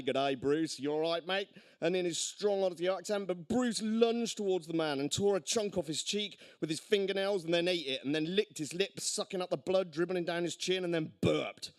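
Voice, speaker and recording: A man reading his own crude comic horror story aloud at a live storytelling night, gleeful and deadpan about the gore. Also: high voice, no room sound, studio quality.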